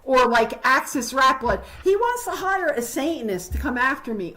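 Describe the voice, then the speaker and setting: A woman's voice: high-pitched, big pitch swings, moderate pace, sharp tone, poor audio. A woman hosting a livestream, ranting heatedly and confrontationally, rambling with fillers. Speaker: livestream host.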